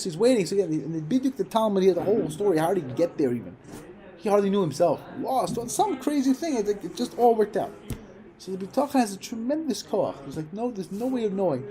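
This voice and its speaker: A man's voice: high-pitched, very animated, a little fast, dark tone. A man giving an informal Torah class, telling stories and repeating phrases for emphasis. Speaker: Torah teacher.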